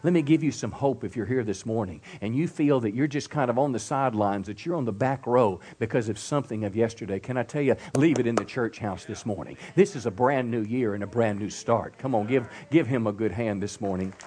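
A middle-aged male pastor in mid-sermon with a middle-pitched voice, pressing his points with emphatic call-outs. He drops to a hushed, slow delivery for his stories before building back up. The sermon is delivered at a church service.

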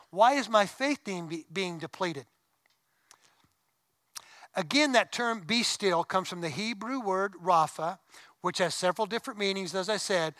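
A man's voice: high-pitched, a bit bright, dry recording, rough recording. A middle-aged man preaching a sermon as pastor, conversational, with asides and rising emphasis. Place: church sanctuary.

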